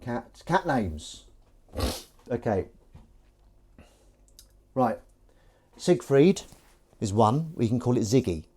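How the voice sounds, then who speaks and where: Standing at the sink in his home kitchen, a man does the washing up while hosting a live stream, chatting in a casual, playful way and breaking into sing-song voices. His mid-range voice is mellow and very animated, yet he speaks slowly with frequent pauses, and there's a slight hiss or hum.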